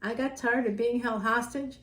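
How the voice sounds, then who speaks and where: A woman's voice: a little high, steady tone, moderate pace, a bit bright. Chatty woman in an echoey room. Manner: chatty and rambling, laughs often, addresses viewers directly. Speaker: tarot reader. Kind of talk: casual tarot reading chat.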